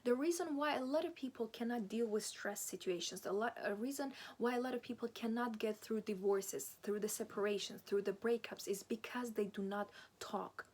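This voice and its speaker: A woman's voice: on the high side, moderate pace, few pauses. Earnest woman giving relationship advice. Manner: earnest, animated, non-native phrasing. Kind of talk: advice monologue.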